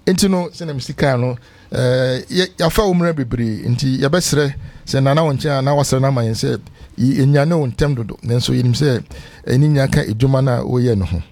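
A man's voice: medium pitch, brisk, darkish tone, dry recording. A man from Ghana, hosting a casual community radio talk show and often dropping in "yo" and English words. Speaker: radio host. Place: radio studio.

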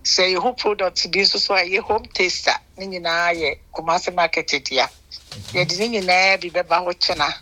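A Ghanaian shop owner talks as a guest on a community radio show, making an earnest pitch at an even pace. The voice sounds bright and sharp. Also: moderate pace, rough recording. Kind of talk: promotional radio interview.

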